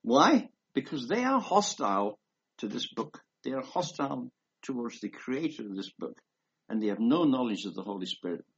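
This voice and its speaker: Husky-voiced man preaching, lively pitch. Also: normal speed. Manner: rambling, emphatic, reads scripture aloud. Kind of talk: conversational sermon. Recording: dull lo-fi recording.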